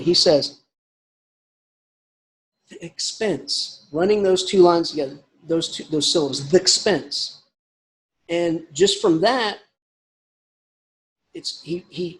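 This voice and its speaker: A man giving a casual, rambling literature lecture with emphatic asides. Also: sits high.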